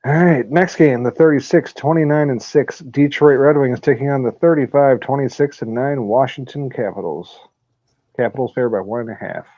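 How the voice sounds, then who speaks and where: Dark-voiced swearing podcast host. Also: male voice, medium pitch, normal speed, no room sound. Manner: profane, laughing, storytelling. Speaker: podcast host running weekly picks. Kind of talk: casual chat. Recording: dull lo-fi audio.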